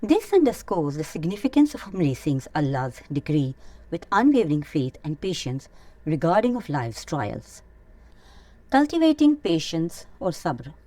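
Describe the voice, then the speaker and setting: Woman, low voice, lively pitch, dark mellow tone, scripted religious lesson, earnest. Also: moderate pace, dry recording. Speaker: host of an Islamic teaching channel. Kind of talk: scripted religious teaching narration.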